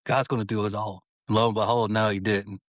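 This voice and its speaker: A man's voice: lowish voice, level tone, a little fast, no room sound. A middle-aged man telling his life story as a podcast guest, earnest and heartfelt, often saying "man" as he talks. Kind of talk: personal storytelling in an interview.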